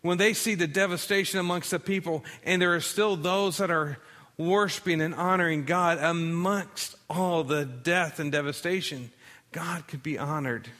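A man's voice: fairly high pitch, moderate pace, bright, forceful tone, long reverb tail. A male pastor giving a sermon in a conversational preaching style, with dramatic readings of scripture.

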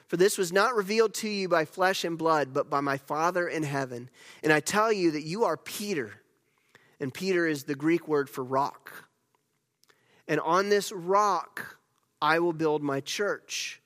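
A male pastor delivers a sermon in a storytelling way, raising his voice for emphasis and sinking to a hushed near-whisper at solemn points. His voice sits slightly high for a man. The sound carries a long reverb from a large hall.

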